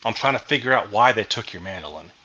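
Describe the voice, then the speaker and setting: Male tabletop player, very bright tone, lively pitch, eager and urgent. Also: fast talker, husky, muffled recording. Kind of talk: tabletop game chat.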